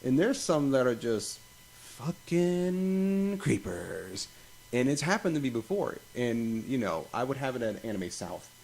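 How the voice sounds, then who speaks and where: A man's voice: medium pitch, unhurried, creaky. Profane, rambling young man podcaster. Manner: profane, rambling, animated storytelling. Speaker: podcast host. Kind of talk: casual podcast chat.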